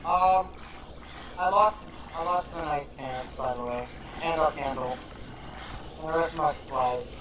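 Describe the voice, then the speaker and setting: A man playing a game with a friend, jumpy and quick to yelp in panic. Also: on the high side, background noise. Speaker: co-player. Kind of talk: casual gaming chat.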